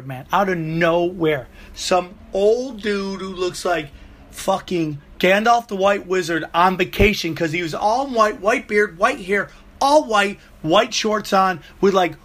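A man hosting a show, telling crude, rambling comic stories with lots of swearing. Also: high voice. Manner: profane, rambling, animated storyteller. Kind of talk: comedic rambling monologue.

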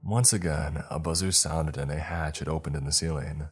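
A man reading a first-person horror story aloud as scripted narration, in a measured storytelling manner. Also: extremely low pitch, fairly even intonation, slightly rough, soft background music.

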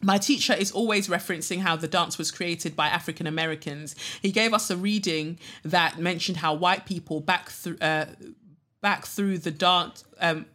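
A woman hosting a podcast, reading a listener's letter aloud with expressive delivery and dry asides. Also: lowish voice, moderate pace.

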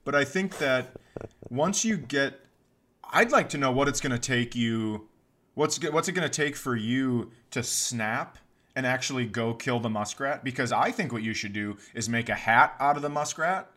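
A man's voice: mid-range voice, animated, moderate pace, pushed and bright. A man, a comedian, co-hosting a comedy podcast in casual chat, riffing playfully and slipping into mock voices.

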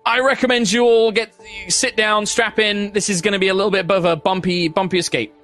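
A man's voice: high-pitched, steady tone, a little fast, fairly bright tone, soft background music, pitched above the performer's own voice. A man putting on a bossy starship captain woman. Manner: curt, brushing off questions.

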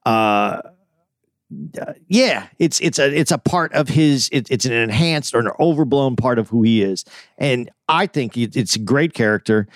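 A man's voice: medium pitch, animated, normal speed, dry recording, studio quality. A man co-hosting a podcast, talking with enthusiasm and rambling in casual chat. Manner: enthusiastic, rambling, restarts often. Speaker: podcast co-host.

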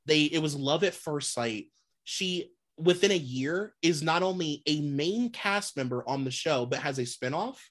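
A woman's voice: deep voice, measured pace. Blunt, sweary woman podcast host. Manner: blunt, sweary, animated rants with laughs. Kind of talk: casual chat.

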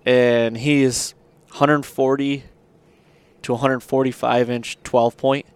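A man's voice: medium pitch, slow pace, clear, resonant tone. Rambling man telling a hunting story. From Michigan. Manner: rambling, animated, lots of fillers. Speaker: podcast host. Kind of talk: casual storytelling.

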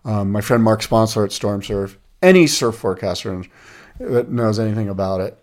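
A man co-hosting a casual podcast, telling stories and jokes in an animated way. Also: lowish voice, normal speed. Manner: animated storyteller, rattles off lists. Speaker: podcast co-host. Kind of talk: casual chat.

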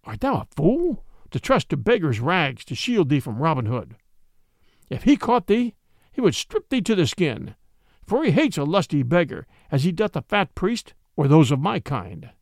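A man's voice: fairly high pitch, big pitch swings, normal speed, dry recording. A man voicing a lean, wizened, miserly grain merchant who talks in a dry, sour, scornful voice. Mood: urgent. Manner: snarling, scornful.

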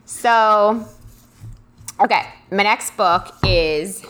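A woman's voice: mid-range voice, normal speed, pushed and bright, slight background noise. A woman co-hosting a podcast, chatting casually and enthusiastically about books, with many "like"s. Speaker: podcast co-host.

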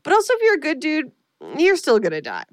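A woman's voice: high voice, fast talker, no room sound, clean studio sound. A woman co-hosting a podcast, recapping a horror movie in casual chat and acting out the characters' lines. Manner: animated storyteller, acts out quotes. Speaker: podcast co-host.

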